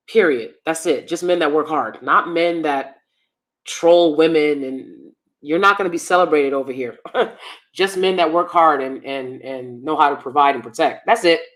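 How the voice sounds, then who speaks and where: A woman with a fairly low, slightly bright voice runs a laid-back livestream, reading viewer comments aloud. She's emphatic and opinionated, repeating her points for stress.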